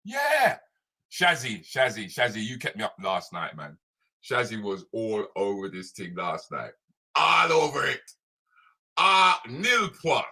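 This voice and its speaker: Man, live show host, lively swinging pitch, bright. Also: measured pace, vocal fry. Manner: animated, playful, repetitive banter. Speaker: comedian hosting a live morning show. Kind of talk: live morning chat show, reading viewer comments.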